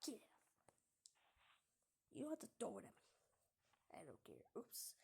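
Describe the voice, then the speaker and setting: A woman's voice: medium pitch, huge pitch swings, normal speed, gravelly, mellow, breathy edge. A young woman giving casual gameplay commentary, giggling and often dropping into half-whispered asides. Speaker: gamer.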